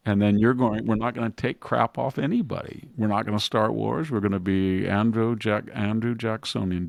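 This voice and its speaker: Older male podcast host, gravelly and low, casual commentary that slips into mock quotes, dry sound. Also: moderate pace, dry recording. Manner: acts out quoted voices, chuckles, digressive.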